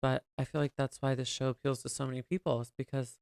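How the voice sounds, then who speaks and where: A man's voice: mid-range voice, level tone, fast, gravelly, a little mellow, clear, resonant tone, dry recording, studio quality. A man co-hosting a podcast, talking in a campy, playful, theatrical way in casual comedic chat. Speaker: podcast co-host.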